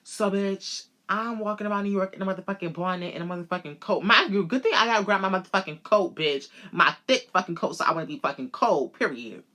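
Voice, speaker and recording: A woman vlogger telling a personal story in casual, animated talk, swearing freely and calling her listeners girl. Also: mid-range voice. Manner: animated, profane, addresses listeners as girl and bitch.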